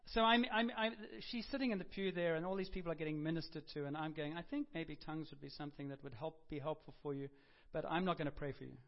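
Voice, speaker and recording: Lively preacher man, muffled lo-fi sound. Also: fairly high pitch, fast talker, hardly any pauses. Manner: conversational storytelling with self-corrections and humor. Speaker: pastor. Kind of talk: sermon. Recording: dull lo-fi sound.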